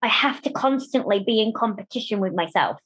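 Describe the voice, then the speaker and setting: This mid-range voice, a little fast, belongs to a German disability rights campaigner guesting on an interview show. Lively and chatty, she speaks frankly about her life and gives the people she quotes their own voices.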